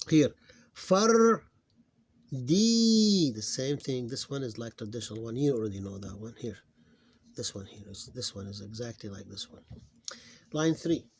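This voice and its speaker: A man teaching a phonics lesson, explaining in halting English with restarts and sounding out syllables loudly and slowly. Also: on the low side, slightly rough. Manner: halting, with many restarts and self-corrections. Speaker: Arabic reading teacher.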